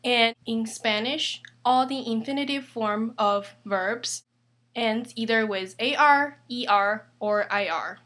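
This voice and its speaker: A woman with a somewhat high voice hosts an online language lesson. She is patient and steady, repeating examples and spelling out each rule step by step. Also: slow pace. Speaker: Spanish teacher.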